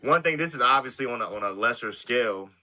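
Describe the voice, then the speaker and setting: A man's voice: mid-range voice, expressive, fast talker, sharp tone. A man co-hosting a casual sports podcast, talking loosely with lots of "like" and "you know". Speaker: podcast co-host.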